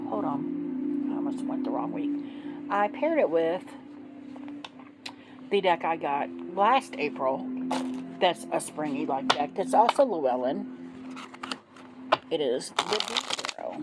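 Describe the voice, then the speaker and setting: A woman's voice: fairly low pitch, rough recording. A woman chatting casually in a vlog, showing her tarot decks and gushing over them, sleepy and yawning. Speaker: tarot deck reviewer.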